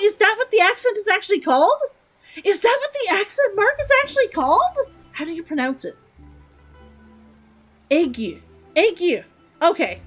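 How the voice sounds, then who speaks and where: A woman's voice: high-pitched, fairly bright tone. A woman streaming a game, chatting casually and giggling as she answers her chat.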